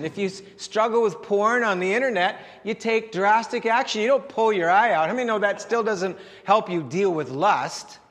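A male pastor with a notably high voice preaches in a chatty, conversational style, stumbling over and repeating words as he goes. He keeps asking his congregation rhetorical questions. His voice carries a long reverb from the church hall. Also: a bit bright. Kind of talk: sermon.

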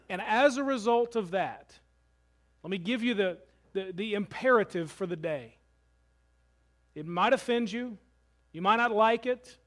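A man preaching a sermon as pastor, earnest, slowing and softening for emphasis. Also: sits high.

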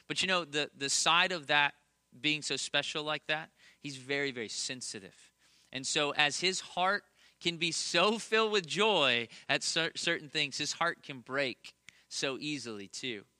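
Earnest pastor, bright tense voice. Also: male voice, fairly high pitch, dry recording, clean studio sound. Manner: earnest, with self-deprecating humor; emphatic repetition. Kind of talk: conversational sermon.

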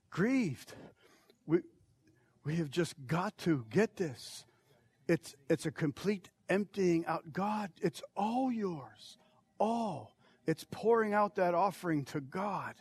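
A man preaching an altar call, impassioned, swinging from shouted pleas to near whispers. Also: on the high side, dry recording. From United States. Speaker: pastor.

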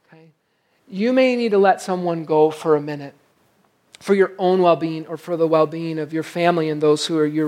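A pastor preaching a sermon in a conversational way, reading scripture aloud and checking in with the listeners. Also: medium pitch. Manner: reads scripture aloud between comments.

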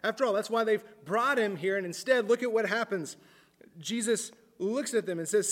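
A man preaching a sermon in an earnest way, repeating words as he thinks aloud and dropping his voice low for emphasis. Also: normal speed, long reverb tail. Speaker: pastor.

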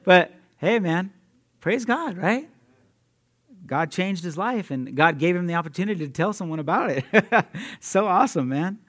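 A young adult man preaching a sermon in an energetic, conversational way, laughing often and talking straight to his listeners. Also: high-pitched, moderate pace. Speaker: preacher at a youth ministry.

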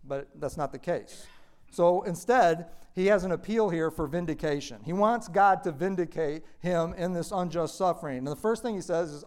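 Lively, slightly high-voiced male Bible teacher. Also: moderate pace, clear, resonant tone. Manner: animated, acts out quoted speech with big pitch swings; conversational, many fillers.

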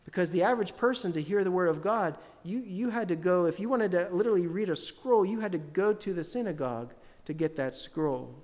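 Male pastor, high voice, conversational sermon delivery, long church reverb. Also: a little fast, few pauses, darkish tone. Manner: conversational, asks the congregation questions.

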